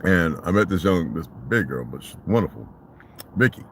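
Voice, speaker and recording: A man telling a story in a casual vlog monologue, animated and profane, in street slang. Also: low voice, brisk, slight background noise. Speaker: vlogger.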